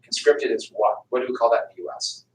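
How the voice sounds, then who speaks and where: A man's voice: mid-range voice, fast. A man teaching a history class, telling it like a story with acted-out quotes and questions to students. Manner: animated storytelling, acting out quotes, quizzing students. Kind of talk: classroom lecture. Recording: echoey classroom, far from the mic.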